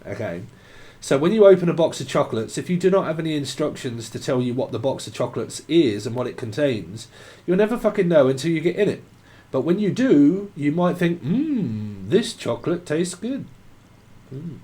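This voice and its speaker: Warm-toned and fairly high-pitched, a man reads tarot a little fast with lively intonation. He free-associates names and words, swears freely and slips into bits of songs from time to time.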